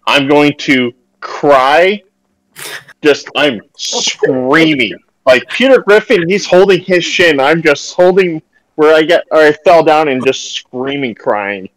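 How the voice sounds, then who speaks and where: A man's voice: a little high, slow pace, no echo, poor audio. A man taking part in a tabletop game, stating his character's actions plainly. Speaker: player.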